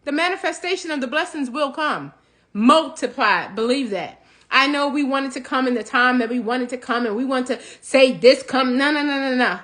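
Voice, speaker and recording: High-voiced, animated motivational woman. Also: moderate pace. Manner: animated, preachy, laughs between points. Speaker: host of a healing talk show. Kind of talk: motivational talk.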